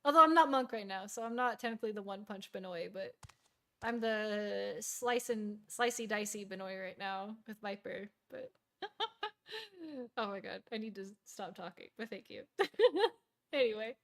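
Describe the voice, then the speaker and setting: A woman streaming a game, chatting in an excitable, giggly and self-mocking way. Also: mid-range voice, moderate pace. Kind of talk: live gameplay commentary.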